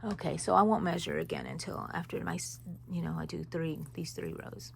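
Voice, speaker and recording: A woman with a low, brisk voice and some vocal fry runs a crochet tutorial, with a faint hiss or hum in the background. She walks viewers through every stitch casually, rambling and dropping in chatty asides.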